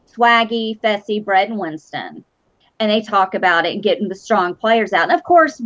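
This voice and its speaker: Blunt, profane and sarcastic, a woman hosts a casual fan show chat in a medium-pitched, slightly bright voice. She uses a streaming mic, and the audio has a lo-fi online stream quality.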